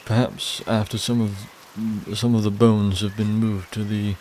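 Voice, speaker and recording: A man voicing a gentle, hesitant village priest with a northern English accent. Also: fairly low pitch, little pitch movement, unhurried, slight background noise, close to an everyday voice. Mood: placating.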